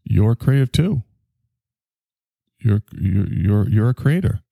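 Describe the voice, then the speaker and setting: A man's voice: on the low side, expressive, slow, vocal fry, warm tone, no room sound, studio quality. A man streaming, rambling sarcastically in a comic monologue.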